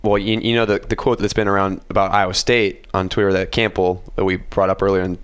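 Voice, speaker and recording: A young man co-hosting a casual sports chat, easygoing and quick to chime in. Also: deep voice, little pitch movement, clean tone. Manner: easygoing, quick agreeing interjections. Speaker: podcast co-host.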